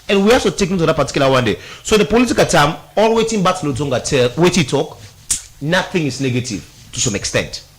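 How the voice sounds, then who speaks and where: A man with a Sierra Leonean Krio-inflected accent holds forth on a radio talk show, breaking down a political speech. His voice sits a bit high and swings widely in pitch. He talks in an emphatic way and slides between Krio and English. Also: expressive, quick pace.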